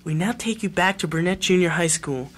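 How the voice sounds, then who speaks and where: A man's voice: high voice, a little fast, fairly bright tone. A man doing a dramatic announcer. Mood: grandiose. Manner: announcer delivery.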